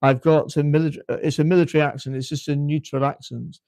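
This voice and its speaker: A man's voice: a little high, flat delivery, fast, gravelly, darkish tone, no room sound. A British man in his fifties with a well-spoken accent, hosting a casual live chat and often stopping to repeat his words. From United Kingdom. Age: 50s. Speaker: livestream host.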